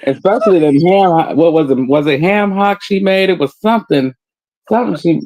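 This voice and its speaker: A man chatting casually on a livestream, making wry, sarcastic jokes in a drawn-out delivery. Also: sits high, darkish tone, poor audio. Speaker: stream co-host. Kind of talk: casual gossip chat.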